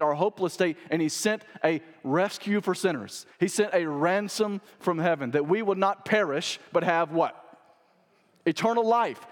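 Male pastor preaching, slightly high voice, repeats his points, goes loud then quiet, big church echo. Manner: emphatic preaching, repeats key phrases, shifts between loud and hushed. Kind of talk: sermon. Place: church sanctuary. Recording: long reverb of a church hall.

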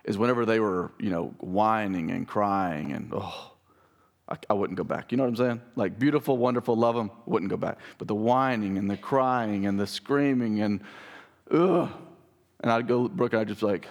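A man in his thirties giving a conversational sermon as pastor, emphatic and animated with joking asides. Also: mid-range voice.

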